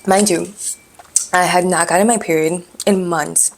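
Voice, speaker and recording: A woman vlogger telling a personal story candidly, in an animated way. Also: lowish voice, a little slow. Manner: candid, animated, acts out dialogue.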